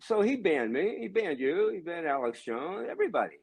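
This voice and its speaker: Older man, seventies, guest, emphatic ranting delivery, slightly high voice, very lively pitch. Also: brisk, husky. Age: 70s. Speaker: guest, religious brother. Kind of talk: heated conversational monologue.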